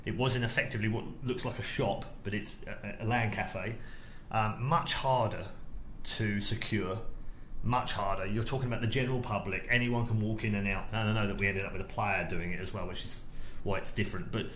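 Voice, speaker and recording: A middle-aged British man co-hosting a podcast, telling a story in a lively way and acting out the quotes. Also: on the low side, fairly quick. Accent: British English. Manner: animated storyteller, acts out quotes. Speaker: podcast co-host, esports broadcaster. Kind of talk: casual podcast chat, storytelling. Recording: roomy echo, faint noise.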